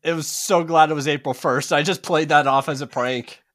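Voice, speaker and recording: A man's voice: fairly high pitch, fairly even intonation, moderate pace, a bit bright. A man co-hosting a casual chat podcast, joking and teasing in wry banter. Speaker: podcast co-host.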